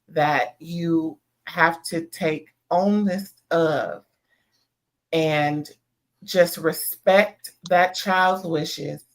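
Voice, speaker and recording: A woman hosting a live show, reviewing a reality TV episode in casual, emphatic chat and talking straight to her viewers. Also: deep voice. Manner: emphatic, talks to viewers as "y'all". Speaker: host.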